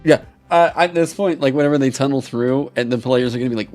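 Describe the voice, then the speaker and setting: A young man on a live stream who reads game material aloud haltingly with many ums, then breaks into excited, swearing asides. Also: mid-range voice, soft background music. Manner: swears casually. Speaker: streamer critiquing game designs. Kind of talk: casual live-stream critique.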